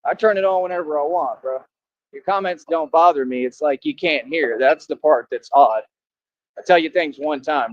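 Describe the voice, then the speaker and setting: A man's voice: on the high side, no room sound, highs cut off. A man vlogging outdoors, boasting and confronting his viewers in slang-heavy street talk.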